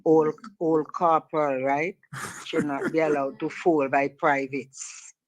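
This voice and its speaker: A man's voice: on the high side, level tone, slow pace, rough recording. Male caller, folksy, teasing, chuckles at himself. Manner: teasing, folksy, laughs at his own jokes. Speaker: radio caller. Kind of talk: casual call-in chat.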